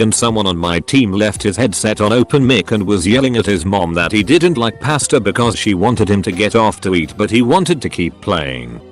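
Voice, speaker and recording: Man, scripted story narration, lowish voice, very animated pitch, faint music behind. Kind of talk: scripted narration of online stories.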